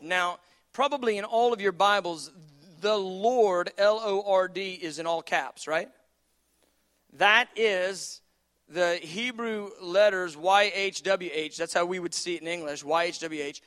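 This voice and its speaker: Male preacher, high voice, passionate sermon delivery, conversational, moves between quiet asides and big emphatic peaks. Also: measured pace. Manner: passionate, swings from hushed asides to loud emphatic declarations; chuckles often while preaching. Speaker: pastor.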